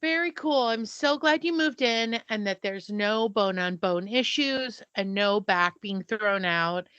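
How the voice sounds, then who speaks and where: A woman's voice: medium pitch, a little slow, a bit bright, dry recording, highs cut off. A woman in her fifties co-hosting a podcast, chatting animatedly and swearing casually. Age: 50s. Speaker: podcast co-host. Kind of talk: casual chat.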